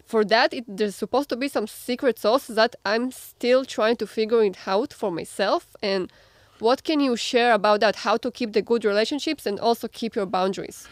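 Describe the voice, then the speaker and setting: A woman podcast host who asks thoughtful interview questions in a measured, slightly halting way. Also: a little high, dry recording.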